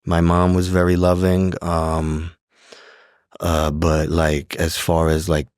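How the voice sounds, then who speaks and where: A man's voice: low voice, completely flat delivery, slow, a little mellow, no room sound, clean studio sound. A man in his forties with a New York accent, a podcast guest talking casually and calling everyone bro. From New York City. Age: 40s. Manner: streetwise, peppers talk with "bro" and "dude". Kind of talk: casual chat.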